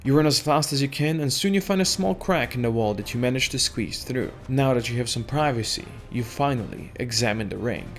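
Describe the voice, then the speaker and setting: Playing an AI text adventure, a man reads it aloud and narrates steadily in the second person. His gravelly, mid-range voice moves fairly quickly with hardly any pauses, while faint music plays behind him.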